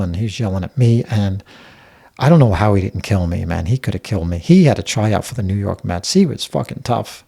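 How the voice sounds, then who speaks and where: A man's voice: lowish voice, animated, brisk, creaky, dark tone, slightly rough. A man as a guest, recounting a painful family memory in a blunt, raw way, swearing freely. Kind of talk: personal storytelling in conversation.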